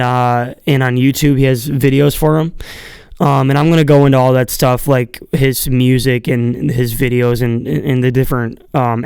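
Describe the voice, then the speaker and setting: A man's voice: medium pitch, a little mellow, clear, resonant tone, dry recording. Young male podcast host, freshly woken, loose filler-heavy chat; rich clean tone, dry close sound. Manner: rambling, filler-heavy, swears casually. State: just woke up, voice a bit groggy. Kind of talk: casual solo podcast monologue.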